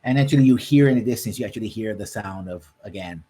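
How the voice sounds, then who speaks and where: A man with a somewhat low, husky voice narrates a tabletop game as its game master. He lays out scenes step by step, stopping often to check in with his players, and his tone stays descriptive and easygoing. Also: fast, mellow. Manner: descriptive, keeps checking in with "right?".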